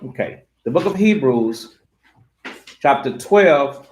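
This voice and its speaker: A man's voice: mid-range voice, animated, takes it slowly, a little hiss or hum. A man preaching from scripture with emphasis, asking rhetorical questions and repeating phrases. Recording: roomy echo.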